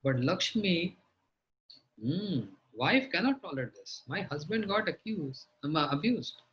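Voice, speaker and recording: Male religious teacher telling a sermon story, fairly high voice, often clears his throat, lo-fi audio. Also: expressive, a little slow, a little hiss or hum. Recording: dull lo-fi audio.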